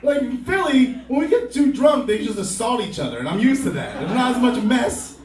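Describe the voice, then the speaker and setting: A man's voice: very high voice, big pitch swings, a little fast, a little mellow. A young man doing a rambling, profane, self-mocking stand-up comedy set on a club stage. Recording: roomy club sound from a distance.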